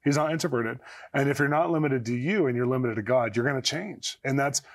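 A man speaks fast and animatedly as a guest on a faith talk show. He tells personal stories and acts out his own inner voice, at a middling pitch. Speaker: guest, prophet. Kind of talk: storytelling in a talk-show interview.

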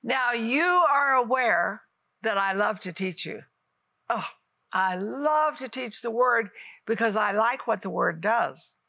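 A woman's voice: a little high, animated, takes it slowly, vocal fry, pushed and bright, no room sound. A woman in her eighties preaching on television, fervent and coaxing, talking straight to viewers. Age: 80s. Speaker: television minister. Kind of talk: televised sermon and prayer.

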